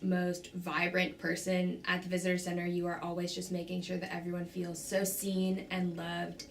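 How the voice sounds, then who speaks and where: Gushing young woman, gravelly, echoey room. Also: on the low side, slight background noise. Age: 20s. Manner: gushing, warm, tearful, laughs between lines. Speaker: student tour guide giving farewell tributes. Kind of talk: emotional speech at a banquet. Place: banquet room indoors.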